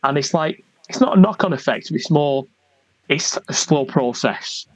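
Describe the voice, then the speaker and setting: A man's voice: a little high, a little slow, dry recording, poor audio. A man with a Wigan accent, chatting as an interview guest in a colloquial, rambling way. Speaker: convention organiser, guest. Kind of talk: casual interview chat.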